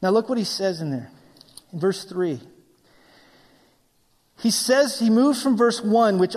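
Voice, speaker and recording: Middle-aged guy preaching, high voice, goes loud then real quiet, big hall echo. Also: lively intonation, moderate pace. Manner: acts out quoted voices, swings from loud to hushed. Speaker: pastor. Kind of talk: sermon. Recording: long reverb of a large hall.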